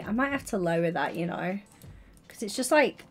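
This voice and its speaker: A woman's voice: mid-range voice, big pitch swings, normal speed, darkish tone, faint music behind. A young woman streaming, chatting casually and teasingly while building in a game. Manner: teasing, giggly, playful.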